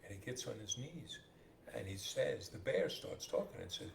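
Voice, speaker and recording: Gravelly, animated man telling jokes. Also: fairly low pitch, normal speed. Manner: animated storyteller who acts out joke characters. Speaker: podcast co-host. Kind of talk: casual joke-telling banter. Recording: roomy echo with faint hiss.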